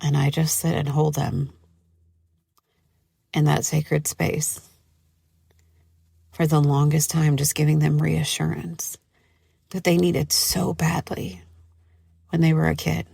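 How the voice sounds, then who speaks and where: A woman's voice: deep voice, completely flat delivery, unhurried, vocal fry, pauses often, mellow, breathy edge, dry recording, studio quality. A woman hosting her own podcast, talking casually in a chatty, gushing way with lots of fillers. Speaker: podcast host. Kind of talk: casual solo podcast talk.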